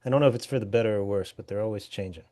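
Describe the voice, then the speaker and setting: A man co-hosting a casual comedy podcast, telling loose, rambling anecdotes that often trail off into low mutters. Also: very fast, dark tone. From Hawaii. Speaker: podcast co-host.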